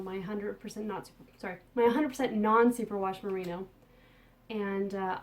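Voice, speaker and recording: A woman hosting a casual podcast, talking enthusiastically about yarn she has dyed and received, with soft muttered asides. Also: medium pitch. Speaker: podcast host and yarn dyer. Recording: distant mic with faint background noise.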